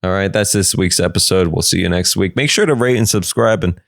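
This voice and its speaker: A man's voice: low-pitched, fairly quick, creaky, dry recording, studio quality. A man hosting a podcast and recapping odd news stories with jokes. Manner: jokey, animated. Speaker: podcast host.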